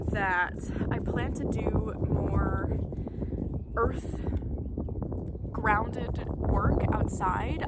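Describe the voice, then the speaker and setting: Slow-talking woman gasping over tarot mail. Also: mid-range voice, very noisy. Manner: gasping, breathless with delight, halting. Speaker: vlogger opening tarot mail. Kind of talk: casual unboxing chat. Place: outdoors at a table on a windy day.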